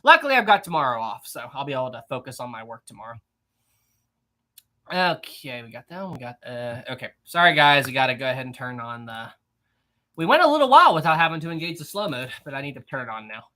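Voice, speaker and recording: A man's voice: medium pitch, big pitch swings, fast, bright, forceful tone. A man hosting a casual live stream, reading viewer messages aloud, laughing often and repeating himself.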